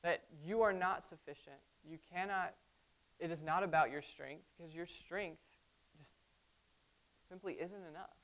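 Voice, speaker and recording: A woman's voice: fairly low pitch, a little slow. A woman delivers a sermon from the pulpit. She keeps it conversational, tossing in frequent asides to the congregation. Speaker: pastor.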